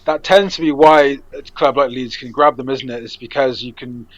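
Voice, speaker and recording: A man chatting casually about football as a podcast co-host, agreeable and quick to chip in with short replies. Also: medium pitch, steady tone, dry recording. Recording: dull, dry lo-fi sound.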